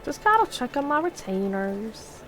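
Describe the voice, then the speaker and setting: Woman streamer, higher voice, playful, chatty with chat. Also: big pitch swings, moderate pace. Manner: chatty, playful, talks to chat while playing. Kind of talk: casual game livestream chat.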